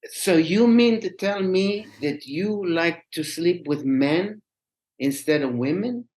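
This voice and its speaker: A man voicing his sweet, soft-spoken older Italian mother who is gently startled. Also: slow pace. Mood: stunned. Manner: high, soft, gently surprised.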